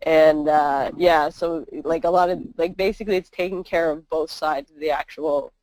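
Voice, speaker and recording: Low-voiced woman in relaxed chat. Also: moderate pace, no echo, low-quality recording. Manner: calm, brief reactions and agreement.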